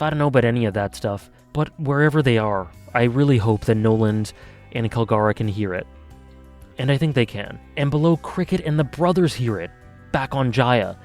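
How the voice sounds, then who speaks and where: A man's voice: mid-range voice, darkish tone. Earnest man reviewing a story. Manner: earnest and passionate. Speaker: anime reviewer. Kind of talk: video review commentary.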